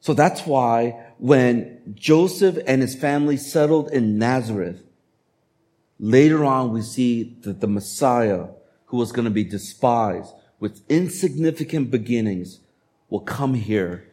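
A male pastor delivers a sermon with a mellow, warm tone. His delivery is conversational and animated, and he slips into little acted-out voices when quoting people. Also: mid-range voice, a little slow.

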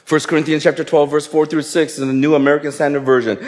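A man preaching a sermon in a somewhat high voice. He talks animatedly, slipping into playful acted-out quotes and joking along as he goes. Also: fast, hardly any pauses. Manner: animated, acts out quotes with humor. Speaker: pastor.

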